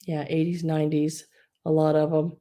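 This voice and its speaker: Low-voiced woman hosting a live sale. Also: level tone, moderate pace, dark tone. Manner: rambling, many fillers and restarts. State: wheezing. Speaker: live online sale host. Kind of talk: casual live sales chat.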